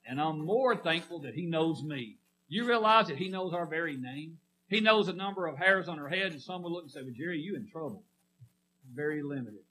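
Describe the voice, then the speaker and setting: A man's voice: on the high side, pushed and bright, low-quality recording. A middle-aged man preaching a sermon in a folksy way, often putting questions to the congregation.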